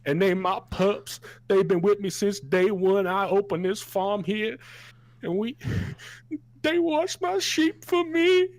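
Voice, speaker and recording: A man's voice: high-pitched, slow, no room sound. A man putting on a drunk old farmer. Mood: rambling. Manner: folksy, rambling, drawling. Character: drunk old male sheep farmer, rustic and mournful.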